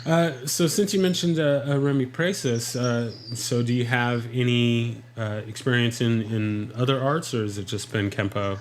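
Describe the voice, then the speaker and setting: A man's voice: mid-range voice, fairly even intonation, moderate pace, hardly any pauses, a little hiss or hum. A male podcast host asking questions hesitantly, with many fillers. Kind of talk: casual interview chat.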